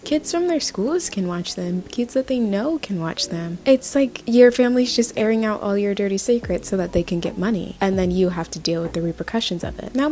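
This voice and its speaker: Animated young woman commentating casually. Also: medium pitch. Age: young adult. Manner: animated, conversational, heavy use of "like". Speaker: video essayist.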